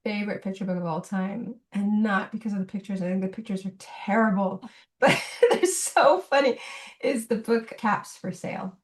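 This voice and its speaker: A woman's voice: medium pitch, moderate pace. A middle-aged woman, a children's book illustrator, chatting as a guest in an interview and telling stories with lots of laughter. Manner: animated storyteller, laughs often. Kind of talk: casual interview chat.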